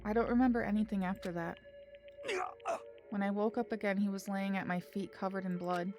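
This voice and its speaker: A woman's voice: medium pitch, fairly even intonation, brisk, a little mellow. Woman streamer dramatically reading game lines. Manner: dramatic reading with emotional reactions. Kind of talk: reading game dialogue aloud. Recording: music under the voice. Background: game music.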